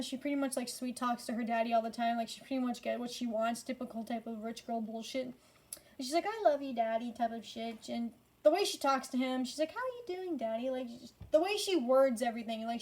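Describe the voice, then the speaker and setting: A woman's voice: on the high side, a little mellow. A tired woman casually ranking movies in a rambling, profane way, full of fillers and frequent swearing. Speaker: movie reviewer.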